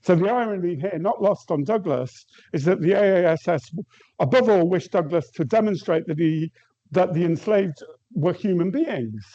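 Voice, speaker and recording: A man giving an academic lecture at a measured pace, reading quotations aloud and pausing with some hesitations. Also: high voice, animated, dark tone. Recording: muffled lo-fi recording.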